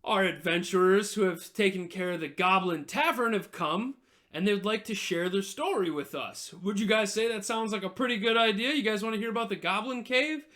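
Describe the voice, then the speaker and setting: A man's voice: high voice, normal speed, bright, forceful tone, voice pushed up. A man voicing a friendly, cheerful young male innkeeper with a folksy, welcoming way of talking.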